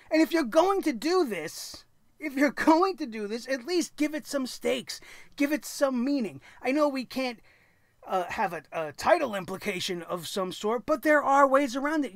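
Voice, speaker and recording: A man's voice: very high voice, vocal fry, a bit bright, dry recording. A man giving a ranting, sarcastic solo review of a wrestling show, exasperated and opinionated.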